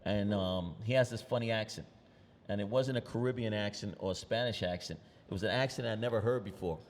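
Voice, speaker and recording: Speaking as a panelist at an outdoor event, a middle-aged graffiti artist from New York tells street-smart stories and voices the quotes of the people in them. He talks fairly quickly in a low register, with long reverb from the big space around him.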